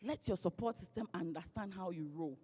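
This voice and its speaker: A woman gives a lively, playful motivational speech to an audience. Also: fairly low pitch, a little fast, husky, big-room sound. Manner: lively, playful, acts out quoted voices. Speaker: guest speaker.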